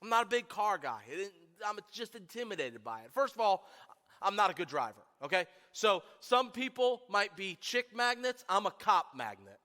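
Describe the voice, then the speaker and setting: A man preaching a sermon, telling self-deprecating funny stories about himself to a church congregation in an animated way. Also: sits high, moderate pace. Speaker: pastor. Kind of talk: humorous sermon storytelling. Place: church sanctuary. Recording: long church hall reverb.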